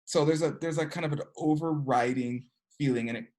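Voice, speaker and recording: A slightly fast, darkish-toned energy work teacher talks casually through a class, heavy on "like" and "you know," and jumps in pitch to act out characters.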